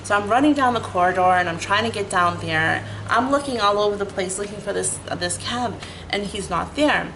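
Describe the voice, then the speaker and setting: A woman telling a story in a casual, animated rant, full of 'like' fillers and frequent swearing. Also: mid-range voice, a little fast, noisy background.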